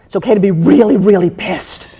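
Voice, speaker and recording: A woman coaching a participant live, blunt and profane, pushing hard and often shouting. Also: medium pitch, fairly quick. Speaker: transformational coach. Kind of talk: confrontational live coaching session. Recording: echoey hall with faint noise.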